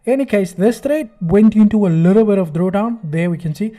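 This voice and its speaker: A man's voice: sits high, a little fast, warm tone. A man hosting a trading video, giving sarcastic, mocking commentary and acting out other people's voices. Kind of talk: screen-recorded commentary.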